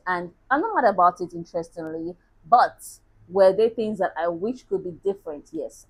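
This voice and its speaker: Chatty woman reviewing a book, low-ish voice. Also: poor audio. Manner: chatty, laughs at herself. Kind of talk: casual review chat.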